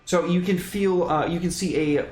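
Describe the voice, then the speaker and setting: A man's voice: high-pitched, fairly even intonation, normal speed, darkish tone, reverberant. A man running a tabletop game as dungeon master, blunt and exasperated, swearing now and then.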